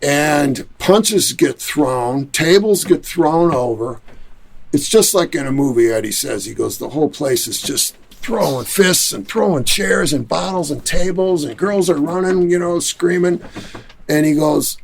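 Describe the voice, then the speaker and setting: Gravelly animated Detroit storyteller man. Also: a little high, unhurried. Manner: animated storyteller who acts out quotes. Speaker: musician and studio owner, guest. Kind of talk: casual storytelling interview.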